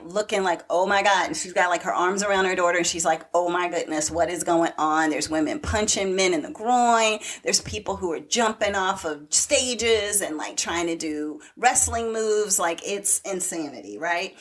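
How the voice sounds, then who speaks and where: A woman co-hosting a podcast, chatting casually and retelling a TV episode in an animated way with acted-out quotes. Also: mid-range voice, normal speed, hardly any pauses. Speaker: podcast co-host. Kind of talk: casual chat recapping a TV show.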